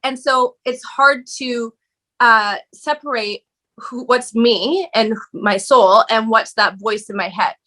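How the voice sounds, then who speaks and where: A woman talks candidly as a guest on a podcast. Her voice is bright and sits a little high. She tells her story with lively energy, casual swearing and frequent laughs. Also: slow pace.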